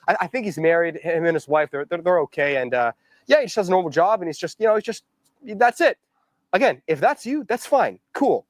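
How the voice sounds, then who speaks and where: A man's voice: high-pitched, big pitch swings, brisk, dry recording. A man from Canada delivering a preachy monologue to camera, rambling and repeating words. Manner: rambling, repetitive stammering. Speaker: preacher in a clip.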